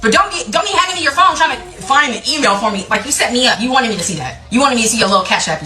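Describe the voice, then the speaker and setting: A woman's voice: a little high, animated, racing. A woman in a heated argument, confrontational and repeating herself insistently. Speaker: livestream participant. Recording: echoey room with loud music over it.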